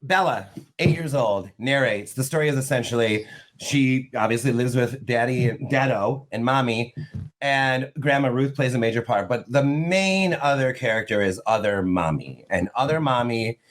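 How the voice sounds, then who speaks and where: A middle-aged male author, talking in an animated, chatty way. He tells stories with quick asides and laughter, heard over a remote call. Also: mid-range voice. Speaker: author guest. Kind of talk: casual chat.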